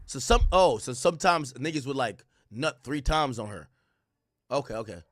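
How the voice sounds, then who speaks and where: A man's voice: mid-range voice, lively intonation, moderate pace, a bit bright, dry recording, studio quality. A man hosting a livestream, reading out court testimony and reacting with profane, incredulous asides. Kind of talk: casual commentary livestream.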